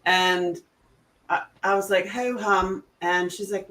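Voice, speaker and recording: A middle-aged woman chatting casually, telling animated stories and laughing often. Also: medium pitch, unhurried. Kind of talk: casual chat.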